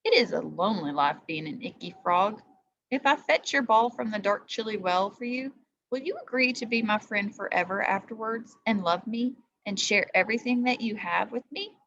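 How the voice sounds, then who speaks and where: A woman voicing a timid, lonely male frog who speaks softly and formally. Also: medium pitch, expressive, normal speed, gravelly, highs cut off. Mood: pleading.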